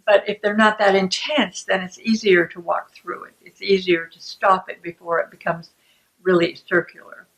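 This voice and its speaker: A woman who writes self-help books, explaining shame calmly and deliberately to the camera. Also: medium pitch, low-quality recording. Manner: calm and deliberate.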